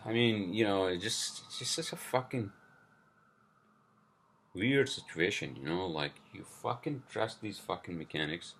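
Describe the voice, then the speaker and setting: A man's voice: sits low, measured pace, a bit bright, a little hiss or hum. A man hosting a solo podcast, venting in a casual, profane, frustrated rant. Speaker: podcast host.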